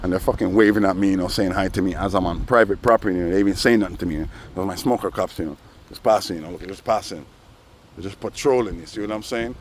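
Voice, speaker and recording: Rambling low-voiced man outdoors. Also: quick pace. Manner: rambling, sprinkled with "you know". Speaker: vlogger. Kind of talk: casual vlog monologue. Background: faint traffic noise.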